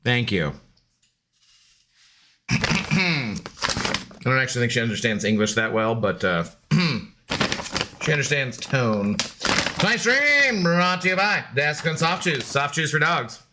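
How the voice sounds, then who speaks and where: A man's voice: mid-range voice, noisy background. A man streaming a game in casual, rambling chat, joking with his dog and greeting viewers.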